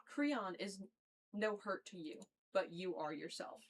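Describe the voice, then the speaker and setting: A woman's voice: medium pitch, expressive, measured pace. A woman reading aloud the lines of a stern, unyielding blind old male prophet in a casual read-through of a play. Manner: reads plainly in her own voice.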